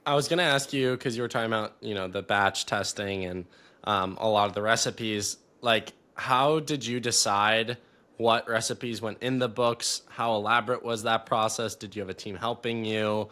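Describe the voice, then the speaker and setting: A man's voice: on the low side, normal speed, bright, forceful tone. A man hosting a podcast, asking friendly, rambling multi-part questions in a casual interview. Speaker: podcast host.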